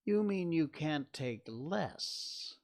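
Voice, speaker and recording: A man voicing a rude, bossy grown man at a tea party in a storybook reading, smug and loud. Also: on the high side, animated, very slow, creaky, pitched above the performer's own voice, heavily acted.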